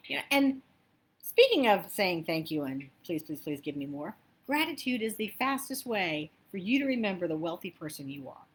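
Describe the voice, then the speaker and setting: A woman abundance coach with a high voice gives a motivational spiritual talk. She's chatty and animated, telling stories peppered with asides.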